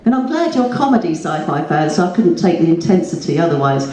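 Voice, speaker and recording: A woman's voice: fairly low pitch, big pitch swings, brisk, darkish tone. A woman on a convention panel chatting in a giggly, self-mocking way. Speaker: panel guest. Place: convention hall. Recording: echoey hall, distant mic.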